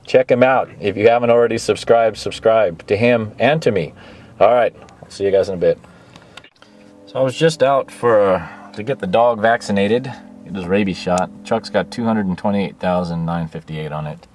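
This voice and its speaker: A man with a fairly low voice talks casually and with profanity about a broken-down truck. He records himself outdoors by a busy road on a handheld phone. Traffic noise sounds clearly behind him. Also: moderate pace, darkish tone. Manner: casual, profane, explaining car repair. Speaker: vlogger. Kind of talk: casual roadside vlog.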